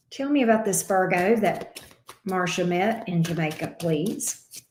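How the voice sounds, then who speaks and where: A woman's voice: mid-range voice, animated, measured pace, noisy background. A woman reading tarot on a live stream, chatty and emphatic, repeating each question aloud as she shuffles. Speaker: tarot reader. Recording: roomy echo.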